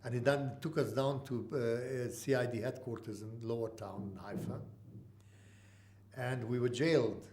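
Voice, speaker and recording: Older man recounting wartime memories haltingly. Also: medium pitch, fairly even intonation, darkish tone. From Mandatory Palestine. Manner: halting, with frequent uh pauses and restarts. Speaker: interviewee. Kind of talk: oral history storytelling.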